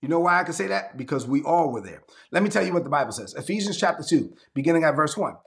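A man's voice: a little high, expressive, quick pace, creaky. A man preaching a sermon as a pastor, asking rhetorical questions and reading scripture aloud to a congregation that is streamed online.

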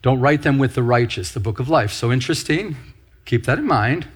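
A man's voice: medium pitch, expressive, fairly quick, slightly rough. A middle-aged man who is a pastor, preaching a teaching sermon, often repeating phrases and asking his listeners questions.

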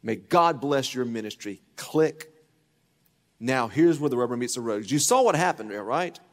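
A man preaching a sermon as pastor, telling a story and acting out the voices in it, swinging from loud to hushed. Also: medium pitch, lively intonation, moderate pace, long reverb tail. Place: church sanctuary.

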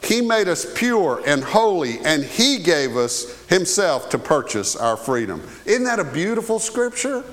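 A man's voice: fairly high pitch, big pitch swings, a little slow, few pauses, fairly bright tone. A male pastor preaching a sermon in a conversational way, often checking in with the congregation by asking "okay?". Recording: long hall reverb.

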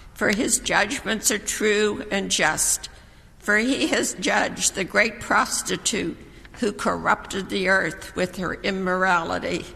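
Slow, gravelly scripture reader in a hall. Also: medium pitch, bright, forceful tone. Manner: measured, proclaiming. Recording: church hall reverb.

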